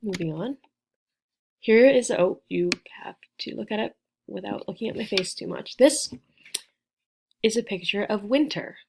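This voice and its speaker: A woman's voice: medium pitch, gravelly, slight background noise. A woman teaching a beginner English lesson, patiently sounding out letters and praising her learners. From United States. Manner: slow, patient, encouraging, spells out sounds. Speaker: ESL teacher.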